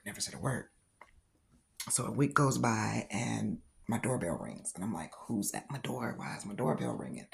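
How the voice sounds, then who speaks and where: A middle-aged woman with a very deep, gravelly voice tells a personal story for her doll-collecting vlog. She speaks in a casual, animated way and laughs often. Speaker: reborn doll vlogger.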